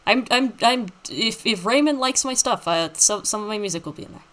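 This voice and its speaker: A woman's voice: on the high side, lively intonation, fairly quick, a bit bright. A woman co-hosting a casual live stream chat, rambling and laughing often as she reads out comments. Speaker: podcast co-host.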